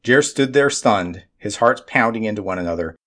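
Brief: male narrator, fairly low voice, measured scripted audiobook reading. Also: expressive, a bit bright.

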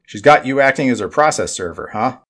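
A man voicing a gruff, dismissive middle-aged male mining executive who talks bluntly. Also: mid-range voice, animated, brisk, a bit bright.

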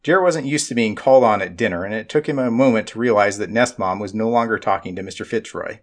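Brief: male narrator, fairly low voice, measured scripted audiobook reading.

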